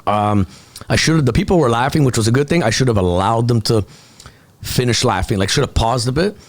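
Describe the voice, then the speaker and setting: A man who is a comedian, telling stories as a guest in a casual podcast chat, animated and profane. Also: medium pitch, brisk. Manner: animated storytelling, frequent swearing.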